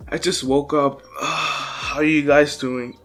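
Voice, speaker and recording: A man's voice: fairly high pitch, little pitch movement, slow pace, a bit bright, soft background music. A man voicing an earnest, anxious teenage boy hero who stammers. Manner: stammering, worried.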